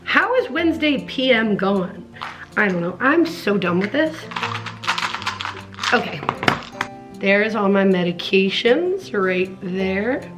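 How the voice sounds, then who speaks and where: A woman's voice: mid-range voice, big pitch swings, takes it slowly, pauses often, over music. A young woman talking earnestly and emotionally in a casual personal vlog at home, rambling with many restarts. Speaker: vlogger.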